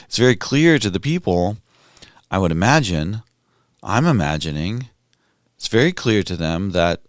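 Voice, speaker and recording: A man's voice: low-pitched, a bit bright, no room sound, clean studio sound. A man hosting a podcast, reflecting on a scripture reading in a musing, conversational way. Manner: musing, conversational, thinks aloud with restarts. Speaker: podcast host.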